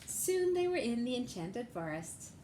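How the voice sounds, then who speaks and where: A woman reading a children's picture book aloud at storytime with an expressive, storybook cadence. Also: on the high side, a little slow, slight background noise.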